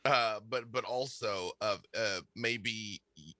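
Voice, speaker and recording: A man guesting on a casual livestream chat, relaxed with many fillers and playful asides. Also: on the low side, slow pace, no room sound.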